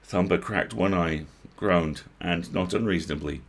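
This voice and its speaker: Low, husky man reading a story. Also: moderate pace. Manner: expressive reading with asides. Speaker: host reading a book aloud.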